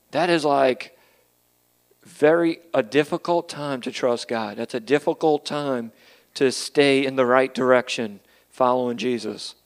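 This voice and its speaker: A man preaching a casual, conversational sermon, moving between quiet asides and loud, emphatic passages. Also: medium pitch. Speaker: pastor.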